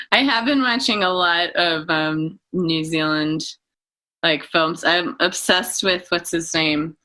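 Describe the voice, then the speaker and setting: A woman's voice: on the low side, takes it slowly, sharp tone. A woman chatting casually as a podcast guest, rambling and giggling, slipping into comic voices. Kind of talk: casual chat.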